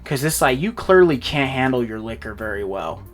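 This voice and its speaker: A man's voice: mid-range voice, moderate pace, soft background music. A young man casually retelling a wild fight story, acting out the other people's lines as he goes. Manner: animated retelling with voiced quotes.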